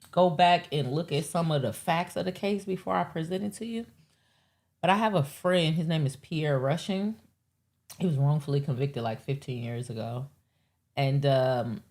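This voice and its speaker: Woman, live show host, low voice, lively swings in pitch, rambling profane chat. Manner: rambling, profane, animated asides with acted quotes. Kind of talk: casual live-stream monologue.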